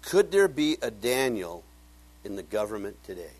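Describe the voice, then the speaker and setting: Older man, husky voice, folksy bible teacher, storytelling sermon style. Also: fairly low pitch, sing-song, moderate pace. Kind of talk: casual sermon.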